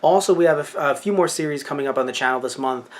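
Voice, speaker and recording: A man's voice: a little high, very fast. A man in his twenties hosting his channel, giving a casual, rambling update and often correcting himself mid-sentence. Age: 20s. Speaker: channel host.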